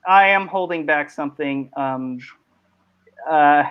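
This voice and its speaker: A man's voice: fairly high pitch, slow, clean tone, phone-quality sound. A man hosting a casual panel chat, talking in rambling bursts with many restarts and laughs. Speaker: host.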